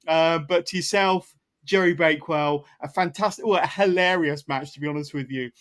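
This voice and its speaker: A man's voice: fairly high pitch, normal speed, fairly bright tone, clear, resonant tone. Rambling man hosting a podcast. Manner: rambling, filler-heavy, enthusiastic. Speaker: podcast host. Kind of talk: casual interview chat.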